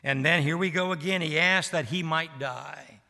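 A man preaching a sermon as pastor of a church, emphatic and swinging between loud and hushed delivery. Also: on the high side, normal speed, gravelly, long reverb tail.

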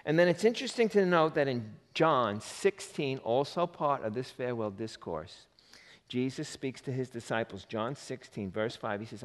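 A man's voice: mid-range voice, animated, measured pace. A man preaching a sermon who jokes with his listeners and acts out the voices of the people in his story. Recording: long reverb of a hall.

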